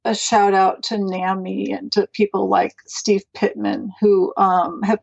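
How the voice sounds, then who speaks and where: A woman's voice: mid-range voice, level tone, measured pace, creaky, no echo, dull audio. A middle-aged woman, a guest on a podcast, telling stories in a chatty, rambling way. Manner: chatty, rambling, warm storytelling with laughs. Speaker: guest, mental health advocate. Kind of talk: casual interview chat.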